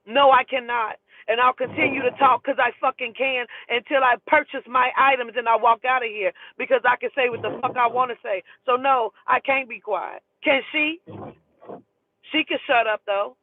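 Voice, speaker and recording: A woman telling a heated, profane story in an emphatic, animated way. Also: on the high side, moderate pace. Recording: tinny phone-like sound.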